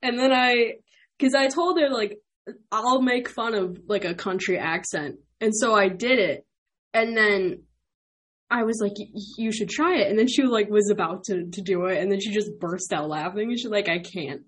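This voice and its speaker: A woman's voice: medium pitch, moderate pace. A young woman hosting a podcast, chatting in a bubbly, rambling way and laughing often. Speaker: podcast host. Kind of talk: casual interview chat.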